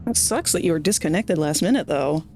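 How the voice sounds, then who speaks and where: A woman's voice: lowish voice, lively intonation, a little fast, darkish tone, soft background music. A woman from Maryland chatting casually on a livestream while playing a game, rambling through stories with self-deprecating asides. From Maryland, United States. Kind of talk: casual chat while gaming.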